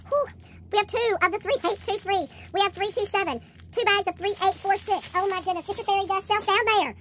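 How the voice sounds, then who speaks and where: A woman's voice, sped up into a squeaky chipmunk effect that sits very high and races along. She gushes and exclaims while counting through craft supplies, with a faint hum of room noise behind her. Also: bright, forceful tone. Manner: gushing, exclamatory, counting items aloud. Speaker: craft video host. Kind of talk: excited unboxing chat.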